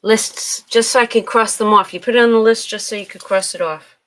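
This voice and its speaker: Playful teasing woman, somewhat high voice. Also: steady tone, brisk, a bit bright, rough recording. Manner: playful, teasing, laughs a lot. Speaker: livestream co-host. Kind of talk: casual livestream chat.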